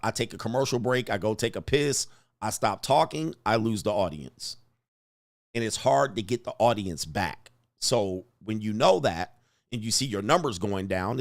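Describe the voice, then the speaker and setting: A man hosting a livestream, talking casually with sudden loud bursts and lots of swearing. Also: medium pitch, no room sound, studio quality. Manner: rapid shifts between flat talk and sudden loud bursts, profane. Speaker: live stream host.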